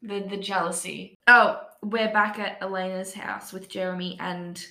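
A young woman in casual chat, blunt and quick to react, swearing as she recaps a TV show. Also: medium pitch, fairly even intonation, gravelly, bright, forceful tone. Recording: echoey room.

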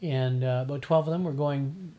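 A man's voice: a little high, moderate pace, warm tone, highs cut off. Rambling middle-aged man. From Newfoundland, Canada. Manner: reflective, rambling storyteller with frequent restarts. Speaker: podcast guest. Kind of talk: casual conversation.

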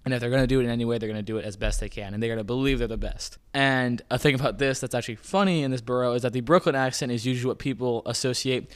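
A man's voice: medium pitch, fairly even intonation, racing, few pauses, clear, resonant tone. Guy casually talking through stuff on his podcast, medium voice, lots of kinda and like. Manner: loose, rambling, full of "kind of" and "like". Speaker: podcast host. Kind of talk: casual informational talk.

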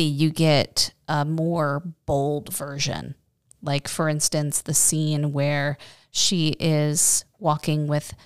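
A chatty woman with a low voice co-hosts a podcast. She talks with enthusiasm and wanders into tangents. The sound is close and dry. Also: no room sound. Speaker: podcast co-host. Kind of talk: casual chat.

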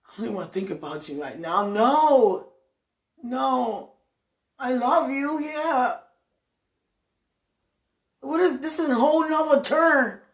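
A woman lying in bed, praying aloud in a moaning, pleading way, drifting between hushed whispers and loud protests. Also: high voice, lively intonation, takes it slowly, long pauses. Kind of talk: emotional spoken prayer monologue.

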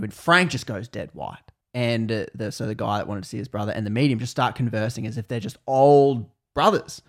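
A man's voice: mid-range voice, fairly quick, hardly any pauses. A man casually retelling a ghost story on a podcast, rambling and correcting himself as he goes. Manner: rambling, self-correcting, laughs at own jokes.

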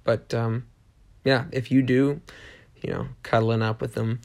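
A man's voice: mid-range voice, flat delivery, unhurried, vocal fry, pauses often, a little mellow. A man hosting a solo motivational podcast, talking earnestly in a rambling way, often restarting and repeating short emphatic affirmations. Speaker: podcast host.

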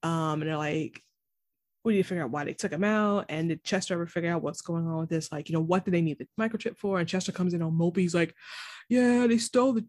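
A woman co-hosting a casual TV recap chat, animated and quick to act out characters' lines. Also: fairly low pitch, no echo, studio quality. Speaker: podcast co-host.

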